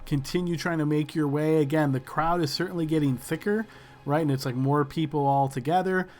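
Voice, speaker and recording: A man narrating a tabletop game as game master, descriptive and unhurried with many fillers. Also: a little high, steady tone, darkish tone.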